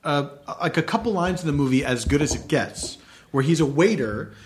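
A man with a somewhat high voice chatting among friends. He jokes and hesitates, restarting his sentences. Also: expressive, moderate pace. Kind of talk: casual chat.

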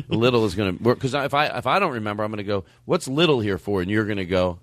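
Animated, rambling male podcast host. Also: lowish voice, a little fast, dry recording. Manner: rambling, acts out bits with animated voices. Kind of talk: casual comedic chat.

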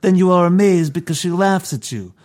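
A man's voice: sits high, expressive, fairly quick, a little mellow, voice pushed up. A man voicing a stern old mafia godfather who lectures his godson harshly. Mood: scornful.

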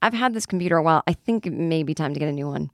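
Woman comic rambling thru a story on her podcast, kinda low voice, dry no-room sound, swears a bit. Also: expressive, racing, no echo. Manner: rambling, self-deprecating, swears casually. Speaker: comedian podcast host.

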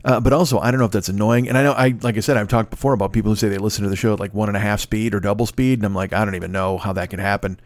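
Low-voiced guy rambling solo on his podcast, swears a lot, dry close mic. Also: steady tone, dry recording. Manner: rambling, profane, fast-talking and self-amused. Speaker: podcast host. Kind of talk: solo casual monologue. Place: home recording setup.

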